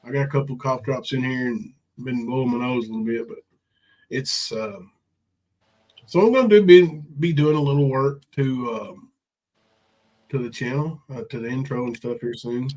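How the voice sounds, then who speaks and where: A man's voice: mid-range voice, moderate pace, darkish tone, rough recording. Stuffed-up man hosting a live stream. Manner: loose, rambling, swears casually. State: stuffed up nose. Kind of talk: casual live stream chat.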